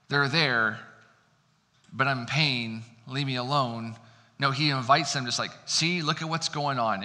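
A man's voice: mid-range voice, pushed and bright. A man pastor giving a casual, conversational sermon with chatty, self-deprecating asides. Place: church sanctuary. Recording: long church hall reverb.

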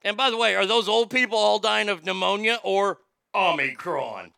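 A man's voice: sits high, moderate pace, vocal fry, bright, forceful tone, dry recording, studio quality. A man hosting a live show, ranting about politics in a heated, sarcastic and profane way, often stammering and restarting when worked up.

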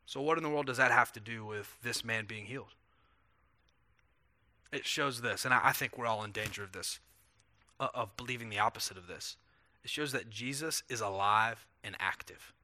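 A man's voice: mid-range voice, normal speed, bright, forceful tone. A pastor preaching a sermon in an earnest, conversational way, asking rhetorical questions and often repeating words as he restarts.

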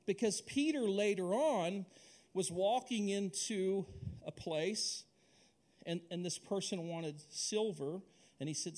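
A middle-aged male pastor from Alaska preaching a sermon, telling a personal story in an animated, conversational way with many restarts. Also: sits high, takes it slowly.

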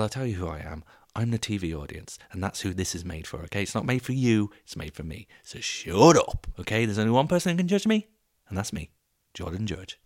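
A young man hosting a podcast, telling stories in a casual, animated, comedic way, swearing and laughing as he goes. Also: lowish voice, vocal fry, no room sound, clean studio sound. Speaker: podcast host.

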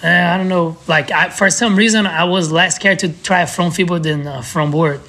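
A young man with a Brazilian accent, a native Portuguese speaker, telling stories as a podcast guest in an animated way, acting out his friends' lines. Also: high voice, moderate pace. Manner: animated, acts out friends' lines, laughs often. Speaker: guest, pro skateboarder. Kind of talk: casual podcast storytelling.

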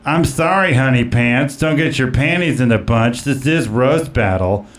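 A man's voice: medium pitch, animated, moderate pace, natural voice. A man putting on a sassy, campy older male comedy writer who trades insults at a roast and calls people honey.

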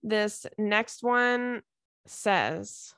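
A young woman hosts a podcast, rambling casually through listener messages and using lots of fillers. Her medium-pitched voice is a bit bright and clean in tone, and she speaks extremely slowly. The studio sound is clean, with no room noise.

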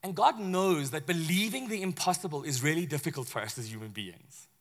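Speaking briskly in a high, bright voice, a male pastor delivers his sermon. He addresses the congregation in a conversational, animated way, often acting out the people in his story.

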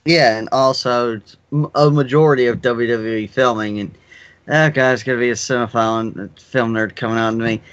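A man co-hosting a casual podcast chat, talking in a profane, ranting way that bursts into mock shouts. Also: medium pitch, steady tone, a little fast, clear, resonant tone, dull audio. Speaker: podcast co-host.

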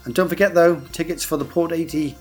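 A man's voice: fairly high pitch, fairly even intonation, quick pace. A man with an Australian accent hosting a podcast interview in casual chat, talking easily with plenty of fillers and restarts. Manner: chatty and easygoing, with frequent fillers and restarts. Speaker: podcast host.

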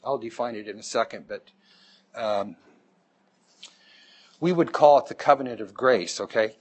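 A man's voice: medium pitch, normal speed. A man teaching a Bible class, explaining step by step and checking in with the class as he goes. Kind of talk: classroom lecture.

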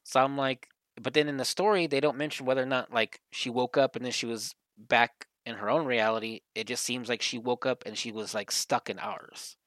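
A man's voice: medium pitch, fairly even intonation, a little fast, hardly any pauses, a bit bright, no echo. A man co-hosting a podcast, telling a story in casual chat and filling his sentences with "like". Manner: rambling storyteller, heavy use of "like". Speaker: podcast co-host.

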